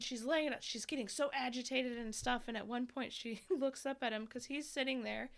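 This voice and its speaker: Woman with a gravelly voice telling stories. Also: a little high, steady tone, brisk, hardly any pauses. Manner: storytelling, laughs often. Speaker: podcast co-host. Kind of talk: casual chat.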